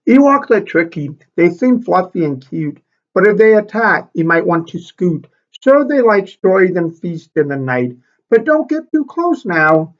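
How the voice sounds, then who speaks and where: Slow-reading man teacher, dull lo-fi sound. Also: high voice. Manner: slow, expressive read-aloud that stops to explain the pictures. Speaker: elementary school teacher. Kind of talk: reading a picture book aloud to children.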